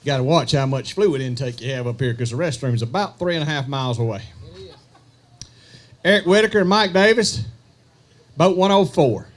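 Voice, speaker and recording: A man emceeing an outdoor fishing tournament weigh-in, joking with anglers and calling out weights slowly. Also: mid-range voice, lively intonation. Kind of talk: live weigh-in announcing with banter.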